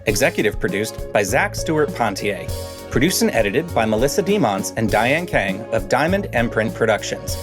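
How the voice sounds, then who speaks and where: A man's voice: medium pitch, big pitch swings, moderate pace, over music. A man hosting a podcast, reading the outro and credits with wry, self-mocking asides. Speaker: podcast host. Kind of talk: scripted outro narration.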